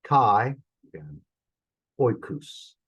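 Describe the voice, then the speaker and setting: Slow, husky male Greek teacher. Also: mid-range voice, sing-song, fairly bright tone, low-quality recording. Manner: thinking aloud, stops to correct himself. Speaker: Greek instructor. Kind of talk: recorded classroom lesson.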